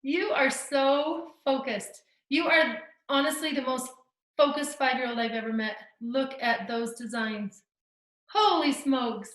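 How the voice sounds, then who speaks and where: A woman's voice: high voice, a little slow, fairly bright tone. A woman teaching a live online art class to children over a video call, full of gushing, encouraging praise. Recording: echoey room.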